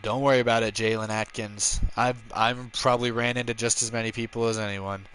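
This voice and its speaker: A man going a little fast, with slight background noise, livestreams a racing game while chatting with his audience. He's self-deprecating and talkative, and his excitement during races comes out as high yelps.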